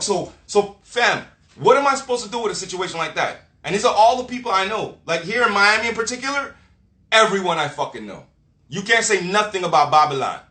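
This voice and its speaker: A man's voice: high voice, animated, fairly quick, bright, forceful tone. Profane, preachy man ranting in an echoey room. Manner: emphatic, profane, repetitive, preachy. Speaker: vlogger. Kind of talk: profane casual rant. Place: Miami.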